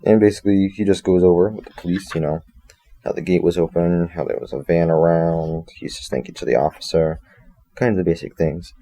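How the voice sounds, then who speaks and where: A man's voice: sits low, fairly even intonation, fairly quick, warm tone. A man reviewing a story in a casual, rambling way, reading passages aloud and breaking off with joking asides and self-corrections.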